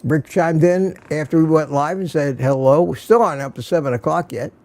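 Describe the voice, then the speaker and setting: Gravelly older man hosting a live chat. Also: fairly high pitch, a little fast, darkish tone. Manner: reads viewer names and comments aloud, folksy. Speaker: livestream host. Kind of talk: casual livestream chat greeting viewers.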